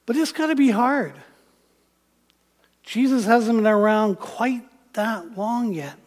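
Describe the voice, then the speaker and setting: Preacher, male, very high voice, animated storytelling delivery, echoing sanctuary. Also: takes it slowly. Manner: animated retelling, voicing characters, rising to loud passages. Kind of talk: sermon. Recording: long church reverb.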